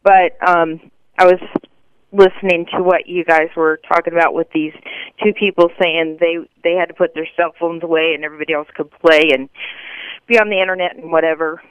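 Brief: male caller, clear higher voice, hesitant, heard over a dull phone line. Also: steady tone, brisk, no echo. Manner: hesitant, fillers, venting. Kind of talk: call-in complaint.

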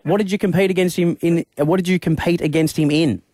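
A young Australian man hosting a radio show, telling a story in an animated, quick way from a studio mic. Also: a little high, no echo. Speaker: radio host. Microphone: studio microphone.

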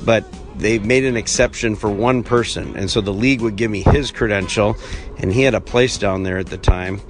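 A man's voice: fairly low pitch, moderate pace, over music. A man working in team public relations, telling a story in an interview and restarting his sentences often. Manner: rambling anecdote with many restarts. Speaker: team PR director.

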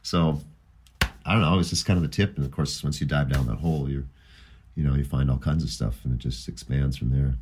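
A middle-aged man chatting casually about music, rambling and animated, often laughing as he remembers. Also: a bass voice, brisk, husky.

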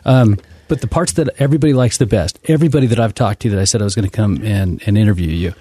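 Interviewer, male, quick eager questions, dark husky tone. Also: fairly low pitch, no room sound. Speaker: interviewer, podcast host. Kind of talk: casual interview.

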